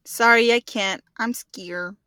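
A woman's voice: a little high, fairly even intonation, slow, pushed and bright, clear, resonant tone, dry recording. A woman co-hosting a podcast, casually quizzing her co-host on slang and teasing her with hints. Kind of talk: casual chat, slang guessing game.

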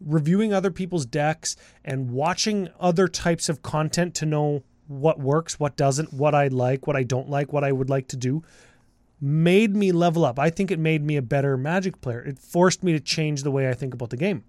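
A man co-hosting a podcast, reading sponsor spots and explaining his thoughts in a steady, teasing way. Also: on the high side, moderate pace, no echo. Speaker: podcast co-host. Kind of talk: casual podcast talk and sponsor reads. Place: podcast recording booth.

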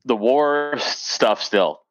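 A young man, a stand-up comedian, talks on a podcast with profane jokes and quick laughs. His pitch swings in a lively way. The sound is dry and close to the mic. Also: no echo, highs cut off. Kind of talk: casual podcast chat.

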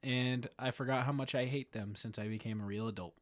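Brief: male co-host, low-key deadpan delivery, dry close sound. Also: fairly quick, no echo. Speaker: podcast co-host. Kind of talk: casual chat.

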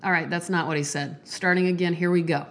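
A woman hosting a casual solo podcast while sick with a stuffy nose, chatty, self-deprecating and quick to apologize, swearing casually. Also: on the low side, fairly even intonation, a bit bright. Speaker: podcast host.

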